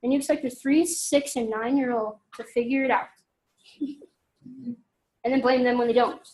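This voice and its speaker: A woman's voice: on the high side, steady tone, a little slow, a little mellow, low-quality recording. A middle-aged woman giving a live talk to an audience, telling a story and acting out the dialogue. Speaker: speaker.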